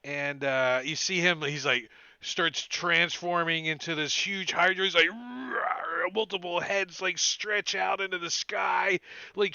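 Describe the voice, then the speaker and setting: A man narrates a tabletop game as game master in a very bright, sharp voice. He talks slowly and rambles with many fillers and restarts. The audio is dry, dull and lo-fi. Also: a little high, clean tone, dry recording.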